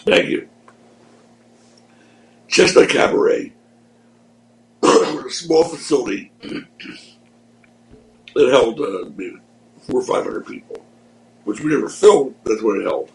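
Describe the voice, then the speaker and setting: A man's voice: medium pitch, lively intonation, slow, long pauses, low-quality recording. A man who was a wrestling promoter, telling rambling stories as a guest in a casual interview. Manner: rambling, conversational storyteller. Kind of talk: anecdotal storytelling in a casual interview.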